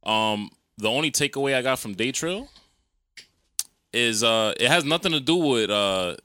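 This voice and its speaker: A man's voice: medium pitch, normal speed, clean tone, no echo. A man co-hosting a casual podcast chat, telling stories in slang and acting out what people said. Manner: animated storytelling, slangy, acts out quotes. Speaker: podcast co-host.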